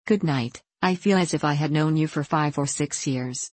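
A woman's voice: deep voice, moderate pace, no echo. A woman reading the part of a talkative, proud elderly male vicar in a rambling, self-amused way. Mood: genial.

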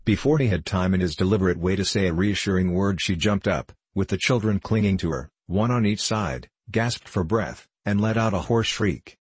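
A man reading a classic novel aloud as an audiobook narrator, in a measured, steady way. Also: low-pitched, slightly rough, no echo.

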